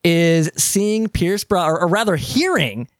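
A man hosting a casual movie discussion podcast, animated and steering the talk back on track, swearing now and then. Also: high-pitched, measured pace, no echo, studio quality. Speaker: podcast host.

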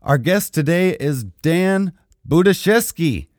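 A man co-hosting a podcast in casual, rambling chat, self-deprecating and relaxed. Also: on the high side, slow, faint music behind. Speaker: podcast co-host.

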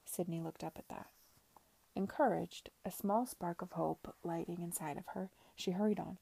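A woman reading a novel aloud in a soft, half-whispered narration. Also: lowish voice, steady tone, moderate pace, vocal fry, breathy edge, no echo. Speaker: reader.

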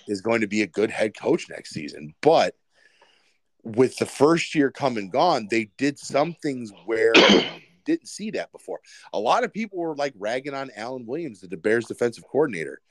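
A man's voice: mid-range voice, big pitch swings, normal speed, no echo. Guy rambling about football, lots of you-knows, dry close sound. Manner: rambling, many fillers and restarts. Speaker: podcast co-host. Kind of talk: casual sports chat.

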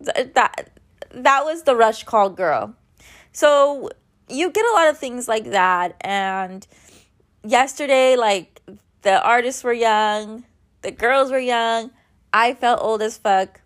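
A woman in her thirties telling a story in a casual, rambling way, with lots of filler words and blunt swearing, sounding tired. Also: a little high. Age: 30s. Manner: chatty, rambling, many "like" fillers.

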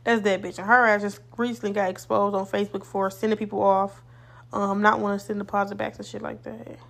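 A woman's voice: medium pitch, level tone, a little fast, vocal fry. A young woman hosting a podcast, telling a casual storytime monologue in a blunt, profane, rambling way. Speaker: podcast host.

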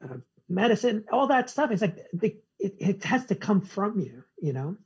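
A man's voice: high-pitched, very animated, normal speed, breathy edge, muffled recording. A man as a podcast guest, telling a personal story and acting out both sides of the conversation. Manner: acts out conversations in quoted dialogue. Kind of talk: casual storytelling interview.

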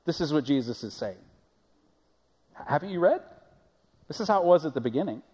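A man's voice: fairly high pitch, lively intonation, a little fast, a little mellow, husky. Conversational preaching man, churchy reverb. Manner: conversational, often asks the congregation questions. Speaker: pastor. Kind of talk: sermon. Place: church sanctuary. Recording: long reverb of a church hall.

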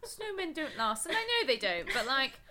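Sweary english woman joking around, high bright voice. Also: big pitch swings, normal speed. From England. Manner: sardonic, swears a lot, acts out quotes. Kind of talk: casual chat.

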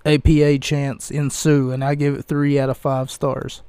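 A man's voice: mid-range voice, level tone, moderate pace, dark tone, clean tone, dry recording. A man hosting a casual solo podcast, talking in a rambling, hesitant way with dry wordplay. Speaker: podcast host.

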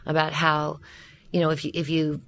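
A woman's voice: deep voice, completely flat delivery, moderate pace. A middle-aged woman, a voice coach and voice actress, explaining her craft with enthusiasm in a casual podcast interview.

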